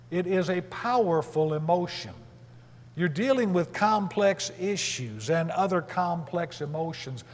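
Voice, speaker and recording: High-pitched guy preaching slow and deliberate, lots of echo from the church hall. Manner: deliberate, emphatic, asks rhetorical questions. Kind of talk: sermon.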